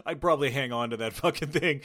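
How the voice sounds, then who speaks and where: A man's voice: mid-range voice, fast talker, a bit bright, dry recording, studio quality. A man co-hosting a casual movie recap, swearing freely and laughing as he mocks the film. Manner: profane, laughing asides, mocking the film. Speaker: podcast co-host.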